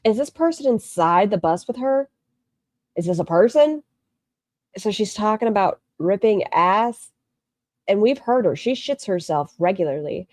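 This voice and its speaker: A woman's voice: medium pitch, animated, unhurried, a little mellow, no echo. A woman making snarky reaction commentary on a video, mocking it and swearing freely. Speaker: commentary streamer.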